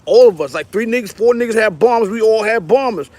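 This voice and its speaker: A middle-aged man with a New York accent and a notably high, light voice, spinning a story from his Brooklyn neighborhood. He talks in loose street slang, animated and quick to act out what others said. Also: no echo. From Brownsville, Brooklyn. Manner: animated, slangy, acts out quotes with raised voice. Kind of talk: casual storytelling.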